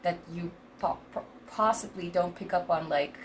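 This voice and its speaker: A woman's voice: on the low side, normal speed, slight background noise. A woman in her twenties giving a casual tarot reading, rambling and hesitant with many fillers and restarts, laughing often between thoughts. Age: 20s. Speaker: tarot reader.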